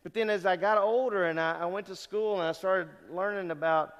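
A middle-aged pastor with a high, fairly bright and clean voice speaks a little fast. He preaches earnestly and conversationally to graduating students, often posing rhetorical questions, with a hall's long reverb behind him.

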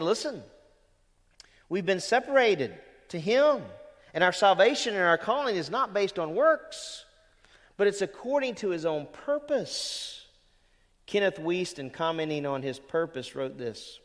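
A man preaching a sermon as pastor, emphatic, swelling loud on quoted verses and dropping low at the ends of phrases, calling questions out to the congregation. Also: sing-song, normal speed, big-room sound. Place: church sanctuary.

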